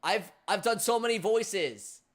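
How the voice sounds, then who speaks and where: A man's voice: high voice, animated, measured pace, no room sound, studio quality. Stammering young man streaming a game. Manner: rambling, stammering, self-deprecating. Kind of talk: casual gameplay commentary and voice acting.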